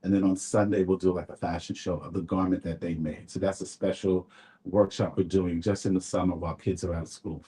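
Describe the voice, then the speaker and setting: Man guest, low and warm, earnest studio radio storyteller. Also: little pitch movement, a little fast. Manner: storytelling, earnest, faith-filled. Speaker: fashion designer and guest. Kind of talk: radio talk show interview. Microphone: studio mic.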